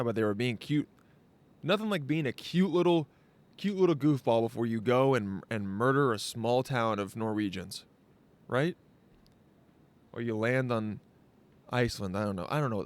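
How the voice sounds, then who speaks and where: A man hosting his own show, talking outdoors in a rambling, jokey, self-interrupting monologue. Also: medium pitch. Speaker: podcast host. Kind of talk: casual vlog monologue.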